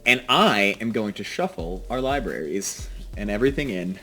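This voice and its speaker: Animated man muttering over a card game. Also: lowish voice, moderate pace. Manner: animated, self-mocking, swings between mutters and outbursts. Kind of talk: casual game commentary. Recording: faint music behind.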